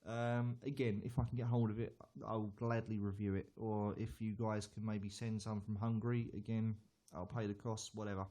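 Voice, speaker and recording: A man's voice: lowish voice, level tone, moderate pace, few pauses, mellow. A man reviewing a beer on a live stream, chatty and hesitant, often repeating words as he answers viewers.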